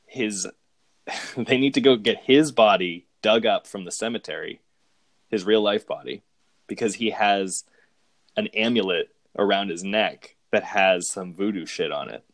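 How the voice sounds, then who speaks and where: Casting: low-voiced man, easygoing co-host, dry close sound. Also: a little slow, pauses often, no echo. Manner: rambling, amused, with frequent restarts and laughs. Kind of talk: casual chat recapping movies.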